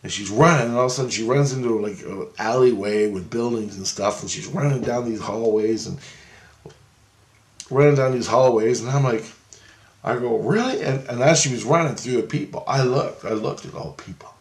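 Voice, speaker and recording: Gravelly guy rambling through a wild story, cussing a lot, echoey room. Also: medium pitch, a little fast. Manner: rambling, swears freely, excitable. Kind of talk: casual anecdote.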